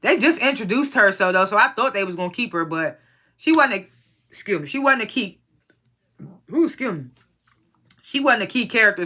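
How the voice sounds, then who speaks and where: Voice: medium pitch, bright, forceful tone. A TV episode reviewer giving a casual, rambling recap with profane, incredulous asides.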